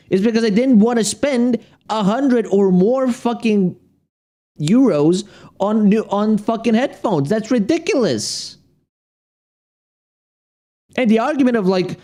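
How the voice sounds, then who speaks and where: A man's voice: very high voice, expressive, unhurried, warm tone. A young man streaming games, ranting casually, profane and exasperated, rambling with many restarts. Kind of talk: casual livestream rant.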